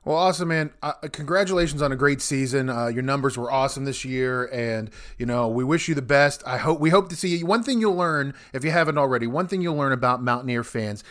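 A man's voice: mid-range voice, fast talker, few pauses, fairly bright tone. A man hosting a sports talk radio show, friendly and chatty, interviewing a player and bantering with co-hosts. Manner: friendly, chatty, laughs often.

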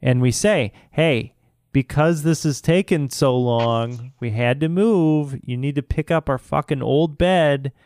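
A man telling a long, exasperated, profane story in a casual chat, sometimes mimicking other people in a high voice. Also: unhurried, darkish tone, no echo. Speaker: podcast co-host.

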